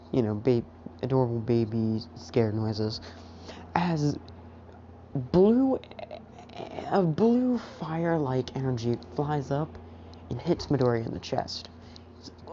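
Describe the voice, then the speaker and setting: Very deep, slow rambling woman storyteller. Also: animated, mellow. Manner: rambling, many fillers. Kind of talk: casual fan what-if narration. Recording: dull lo-fi recording with faint hiss.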